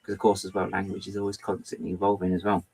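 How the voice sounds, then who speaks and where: Low-voiced guy, a bit husky, chatty and keeps going off on tangents. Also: monotone, fast talker, darkish tone, poor audio. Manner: rambling, self-interrupting, apologetic. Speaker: LEGO builder livestreaming. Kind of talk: casual chat while building.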